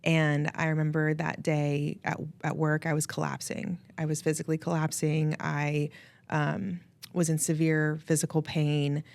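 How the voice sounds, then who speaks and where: A woman host telling a heartfelt personal story, emotional, laughing often and quoting people in lively voices. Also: deep voice, measured pace, creaky, no echo. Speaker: podcast host.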